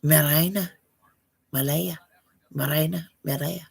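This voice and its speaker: A husky, somewhat low-voiced woman hosts a live psychic Q&A stream. She speaks slowly and with lively swings in pitch, chatting with viewers, calling them baby, and apologizing as she works through their names. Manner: affectionate, calls viewers baby, struggles over names. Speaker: psychic reader hosting a live Q&A.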